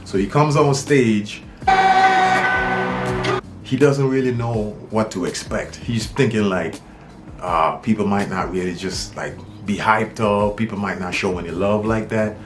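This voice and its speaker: A man's voice: lowish voice, measured pace, over music. A man from St. Kitts, a rapper, telling a story in a laid-back, rambling, slangy way. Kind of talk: casual storytelling vlog.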